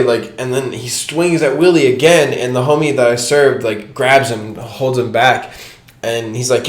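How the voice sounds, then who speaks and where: A young man in a casual vlog, rambling through a story with constant "like" and chuckles. His voice sits at a middle pitch. The old home microphone catches a fair amount of room echo. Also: fairly even intonation, normal speed. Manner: rambling, lots of "like", laughs at his own story. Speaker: vlogger. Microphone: cheap old home microphone.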